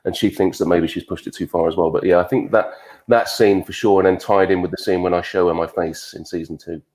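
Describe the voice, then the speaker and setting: A man with a deep, steady, slightly mellow voice talks fast while answering fan questions as an actor guest on a panel, heard over a video call. Laid-back and joking, he often stammers and restarts in this casual panel chat.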